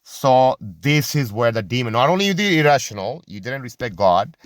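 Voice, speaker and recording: A man argues at length in an unscripted monologue, often breaking off to hunt for a word before pushing on with conviction. His voice sits at an ordinary middle pitch. The recording is dry and close, with no room around it. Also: animated, no echo. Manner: halting, searches for words, many restarts and fillers; impassioned, argumentative. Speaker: commentator on religion and society.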